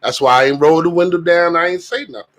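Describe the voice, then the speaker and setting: A man telling an animated story in casual chat as a podcast co-host. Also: on the high side, quick pace. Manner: animated, jumps into impressions.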